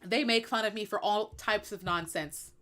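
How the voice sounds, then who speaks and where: A woman's voice: mid-range voice, normal speed, a bit bright. A woman hosting a live stream, talking bluntly and emphatically in an opinionated, sassy way. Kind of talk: opinionated casual chat.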